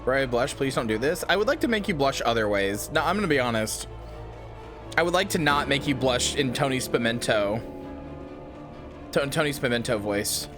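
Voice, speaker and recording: Joking Midwestern streamer, lively voice. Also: male voice, medium pitch, moderate pace, music in the background. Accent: Midwestern American. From Midwestern United States. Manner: crude, joking, rambling. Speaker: game streamer. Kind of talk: casual livestream commentary.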